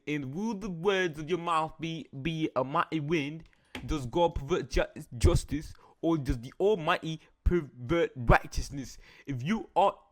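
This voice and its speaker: A man voicing a stern, lecturing biblical figure in a mock British accent that drifts toward Australian, with blustery, stumbling scolding. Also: a little high.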